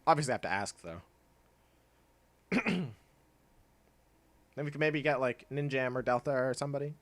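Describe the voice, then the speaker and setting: A young man casually chatting with his chat while playing a video game, laid-back and quick to laugh. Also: medium pitch, expressive, fairly bright tone. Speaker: streamer.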